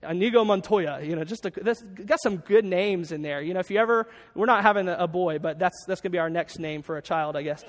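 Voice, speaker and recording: A pastor with a notably high voice delivers a sermon in a casual, chatty way, restating each main point twice. His voice rings out through a large church space with a long, trailing reverb. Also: brisk, few pauses. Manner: conversational, repeats key lines for note-taking. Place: church sanctuary with a congregation.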